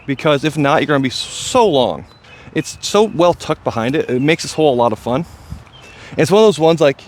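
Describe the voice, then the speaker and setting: Excitable chatty man on a disc golf course. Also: medium pitch. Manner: chatty, excitable, self-deprecating. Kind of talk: casual play-by-play commentary.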